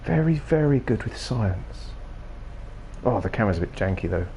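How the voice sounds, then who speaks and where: A man's voice: on the low side, lively intonation, moderate pace, gravelly, mellow, a little hiss or hum. A man giving casual, jokey game commentary with rambling, playful asides. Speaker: gaming streamer.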